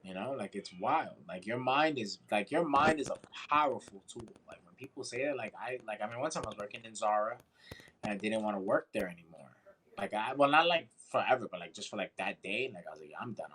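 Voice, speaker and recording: A man's voice: fairly low pitch, slight background noise, low-quality recording. A man co-hosting a casual podcast, telling a story with lots of swearing and acted-out voices. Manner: animated, swearing, acts out voices in his stories. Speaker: podcast co-host.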